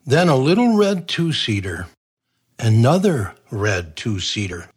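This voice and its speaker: A man's voice: medium pitch, sing-song, a little slow, breathy edge. A man reading a comic crime novel aloud, in a dry, wry storytelling manner. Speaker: narrator. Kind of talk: audiobook narration.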